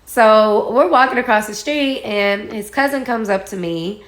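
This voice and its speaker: A woman casually telling a personal story, animated and acting out what others said. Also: a little high, unhurried. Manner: animated, acts out quoted dialogue, laughs while telling. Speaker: guest storyteller. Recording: roomy echo.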